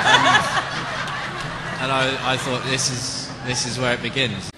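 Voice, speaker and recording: A man's voice: mid-range voice, big-room sound. A man in an interview casually telling a self-mocking story about himself, with a noisy background. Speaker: actor in an interview. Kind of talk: casual anecdote.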